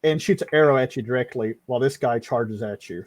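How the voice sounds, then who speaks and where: A man's voice: medium pitch, brisk. A man running a live tabletop game as game master, talking casually with frequent restarts and the odd swear.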